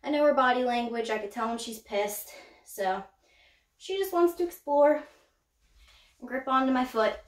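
A woman showing her pet snake in a casual vlog, chatty, laughing often and whooping with excitement. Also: sits high, normal speed, long pauses. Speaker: snake keeper vlogger. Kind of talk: casual show-and-tell vlog. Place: indoors room by a snake enclosure. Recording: echoey room.

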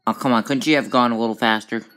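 A woman hosting a gaming channel, talking through gameplay in a rambling, excitable way with sudden high outbursts. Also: fast. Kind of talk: casual gameplay commentary.

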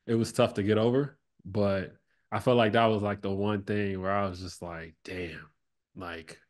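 A man in his thirties speaks as a podcast guest in a fairly low voice. He talks in a loose, relaxed way, full of fillers, and his voice drops and fades as he reflects. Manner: relaxed, lots of "like" and "you know", trails off softly. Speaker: podcast guest, former basketball player. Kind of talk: reflective conversational interview.

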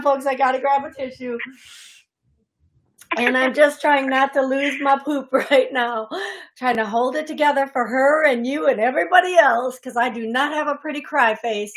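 A woman with a high voice hosts a psychic medium radio show from a studio. She talks in a chatty, emotional way, with frequent fillers and restarts. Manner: chatty, emotional, warm-hearted, uses fillers. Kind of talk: call-in reading on radio.

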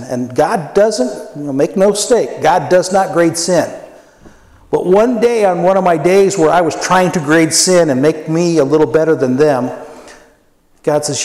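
A man in his sixties preaching a sermon as pastor, earnest and personal, often dropping his voice low for emphasis. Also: unhurried, long pauses. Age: 60s. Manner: earnest, personal preaching with dramatic quiet drops. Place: church sanctuary. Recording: echoey church hall with long reverb.

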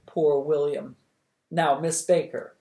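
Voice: medium pitch, flat delivery, slow pace, mellow, echoey room, natural voice. A reader voicing an elderly princess who speaks firmly and forthrightly, close to their own voice. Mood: brisk. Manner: firm and forthright.

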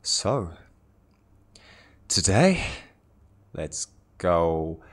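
A man in his twenties from Japan, a native Japanese speaker with a British-tinged English accent, introduces himself as a lifestylist in a deep, fairly bright voice. He chats loosely about himself, repeating words and tossing in jokey asides.

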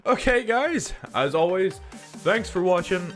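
A young man doing let's play commentary on a game, frantic and swearing, yelling at the game as he plays. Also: high voice, lively intonation, measured pace, over music. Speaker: gaming video host.

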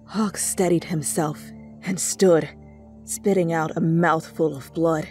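A woman narrating a second-person fanfiction story in a soft storytelling voice. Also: sits low, fairly even intonation, slow pace, soft background music. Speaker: fanfiction reader.

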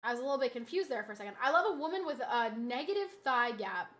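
A woman game streamer chats casually with her viewers, teasing and joking as she reacts to the match. Her voice sits high and sounds bright and sharp, with a playful edge. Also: very animated. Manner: playful, joking banter with chat, quick reactions to gameplay. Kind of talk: casual live-stream gaming chat.

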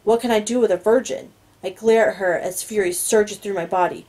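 A woman's voice: mid-range voice, steady tone, a little fast, a little mellow, rough recording. A woman reading a novel aloud, narrating in the first person in an inward, musing way. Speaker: audiobook reader.

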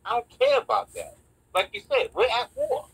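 A man, co-hosting a casual talk show, animated and speaking in quick bursts. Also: extremely high pitch, creaky, slightly rough, rough recording. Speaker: podcast co-host. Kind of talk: casual chat.

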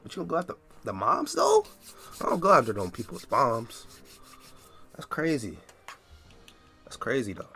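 Young man with lively, incredulous commentary. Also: medium pitch, normal speed, vocal fry, pauses often, slightly rough, soft background music. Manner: incredulous, repeats himself, stammers. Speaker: gaming video creator. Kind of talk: casual gameplay commentary.

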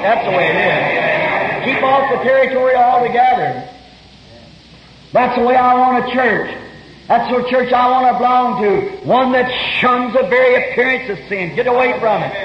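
High-voiced man preaching on old tape. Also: noisy background. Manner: earnest storytelling, bursts of shouting. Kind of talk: fervent sermon. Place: church meeting hall. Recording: roomy lo-fi 1961 sermon tape.

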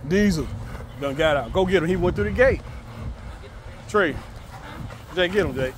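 A man's voice: sits high, expressive, moderate pace, background noise. A man, a kennel owner giving his dogs short commands in a casual outdoor vlog. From Arkansas, US. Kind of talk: casual dog-training vlog.

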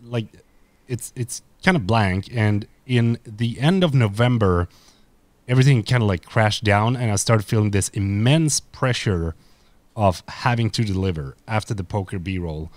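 Guesting on a podcast in a casual interview, this content creator from Sweden speaks with a Swedish accent, Swedish being his native tongue, and his talk is loose, with lots of fillers and restarts. His voice is fairly low and unhurried, with no echo.

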